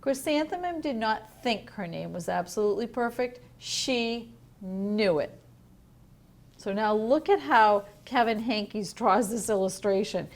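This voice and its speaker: A woman teacher reading a picture book aloud to young children in a home learning video, gentle and asking the listener questions. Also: a little high, lively intonation, moderate pace, hardly any pauses. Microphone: home video recording.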